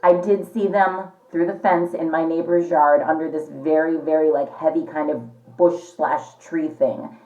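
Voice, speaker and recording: A woman's voice: low-pitched, fairly even intonation, unhurried, dark tone. A woman vlogging at home in a chatty, rambling way, often calling her viewers "you guys". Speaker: pet vlogger. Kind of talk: casual chat to camera. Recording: echoey, slightly dull home recording.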